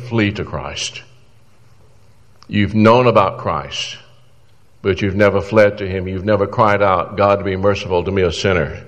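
A man's voice: lowish voice, in a large hall, lo-fi sound. A man preaching a sermon in an earnest, exhorting way, pleading with his listeners through questions.

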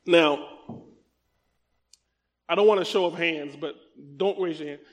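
The long reverb of a big hall surrounds a middle-aged man preaching in a voice on the high side. Scripture comes slowly and with emphasis, broken up by quick conversational asides to the congregation.

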